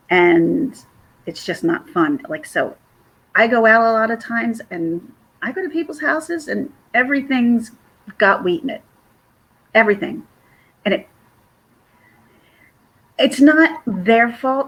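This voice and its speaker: A middle-aged woman from Philadelphia chats loosely on a livestream at an ordinary pitch. Her voice is husky and breathy, and she wanders from one thought to the next while stopping to greet viewers. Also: fairly bright tone, low-quality recording. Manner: chatty, rambling, reads viewer comments aloud. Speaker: livestream co-host. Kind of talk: casual livestream chat.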